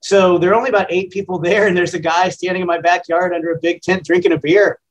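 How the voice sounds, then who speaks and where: A man's voice: sits high, little pitch movement, fast, rough recording. A man in his fifties, a radio host, answering interview questions in a plainspoken, conversational, self-deprecating way. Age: 50s.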